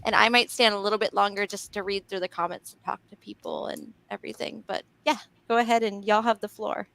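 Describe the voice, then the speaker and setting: A woman's voice: mid-range voice, steady tone, quick pace, vocal fry, a bit bright. A woman hosting a live online chat, talking frankly and laughing often. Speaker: host.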